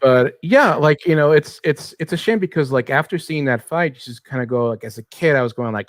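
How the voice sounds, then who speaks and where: A man talks at a middle pitch in a dry, close recording. He chats casually on a podcast and swings his voice up and down as he jokes. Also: brisk, hardly any pauses, no room sound. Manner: animated, jumps between high and low pitch while joking. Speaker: podcast co-host. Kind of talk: casual chat.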